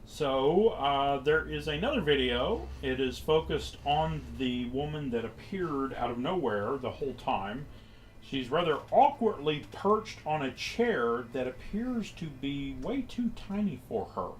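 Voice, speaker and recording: A man's voice: a little high, slight background noise. A man running a tabletop horror game, narrating scenes and describing clues. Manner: unhurried, expressive narration. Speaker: game master.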